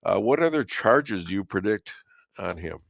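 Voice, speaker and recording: A man from Chicago hosting an interview show, speaking haltingly with many fillers and trailing off softly. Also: on the low side, lively intonation, gravelly, no echo, studio quality. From Chicago, USA. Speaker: show host. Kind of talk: casual interview conversation.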